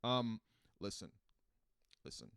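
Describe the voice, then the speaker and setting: A man hosting a comedy podcast in a rambling, deadpan monologue, with frequent restarts. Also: fairly low pitch, slow pace, smooth, no room sound, clean studio sound. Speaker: podcast host.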